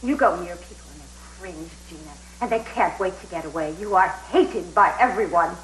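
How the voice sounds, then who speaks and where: A woman's voice: on the low side, a little fast, echoey room, a little hiss or hum, natural voice, rough recording. An actress playing a proud woman who cuttingly faces down a hated rival in a soap opera. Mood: contemptuous. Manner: cold, cutting, contemptuous.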